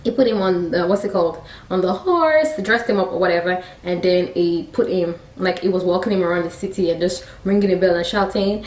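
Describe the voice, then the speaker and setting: A woman with a Nigerian accent retelling a Bible story in a chatty, animated way, with laughing asides. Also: fairly low pitch, a little fast, hardly any pauses. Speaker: faith storyteller, vlogger. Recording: roomy sound from a distant mic.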